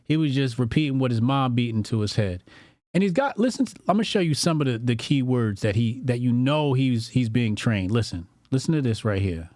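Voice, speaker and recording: A man's voice: mid-range voice, lively intonation, a little fast, darkish tone, no room sound, studio quality. A man hosting a political commentary livestream, talking bluntly and profanely and reading out viewer donations. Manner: blunt and profane, with lots of repetition.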